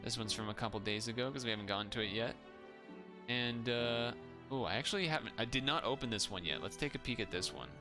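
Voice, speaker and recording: A man's voice: medium pitch, quick pace, over music. A man streaming live, chatting casually and reacting aloud to what he watches.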